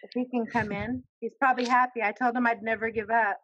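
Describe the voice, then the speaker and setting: A woman's voice: on the high side, steady tone, quick pace, a bit bright, highs cut off. A woman co-hosting a casual talk show, asking questions and answering with short agreements. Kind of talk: casual chat.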